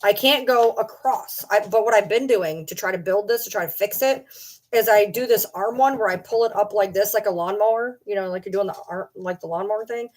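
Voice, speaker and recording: A woman's voice: medium pitch, brisk, a little mellow. A young adult woman chatting casually on a livestream from home, rambling and joking about herself. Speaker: streamer.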